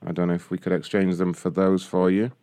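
A man's voice: low voice, level tone, a little fast, warm tone. A man hosting a prank call show, taunting the people on the line with profanity and frequent laughter. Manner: mocking, profane, laughs often. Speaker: prank caller host.

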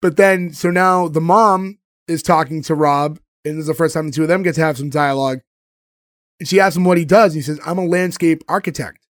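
Male podcast host, high voice, lively storyteller acting out quotes, dry sound. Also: a little fast, no echo. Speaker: podcast host recapping a sitcom episode. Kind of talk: casual chat.

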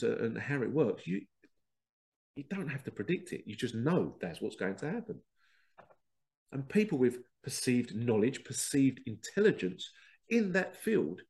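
A middle-aged man, talking in a casual, animated podcast monologue, laughing at himself and acting out remembered conversations. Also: mid-range voice. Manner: animated, self-laughing, quotes others in dialogue. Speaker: podcast host.

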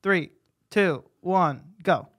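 A man's voice: high-pitched, a bit bright. Cocky, joking young man on a podcast. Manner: brash, cocky and joking, fast bursts. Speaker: podcast co-host. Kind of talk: casual chat.

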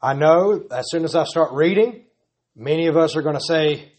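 A man's voice: on the high side, moderate pace, darkish tone. Earnest preacher man. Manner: earnest, pleading, repetitive emphasis. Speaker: pastor. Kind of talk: sermon.

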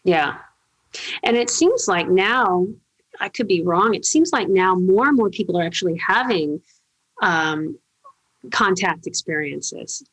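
A woman's voice: fairly low pitch, measured pace. Chatty middle-aged woman hosting. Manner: chatty, animated anecdotes with many fillers. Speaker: podcast host. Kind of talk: casual storytelling interview.

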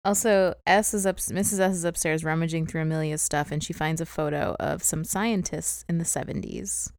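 A woman's voice: low-pitched, fairly even intonation, fairly quick, a little mellow, dry recording, clean studio sound. A woman co-hosting a podcast, casually recapping a TV episode and laughing often. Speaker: podcast co-host.

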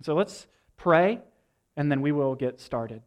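Young guy pastor preaching, animated storyteller, a bit high voice. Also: unhurried. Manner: animated storytelling, acting out movie lines. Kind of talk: sermon.

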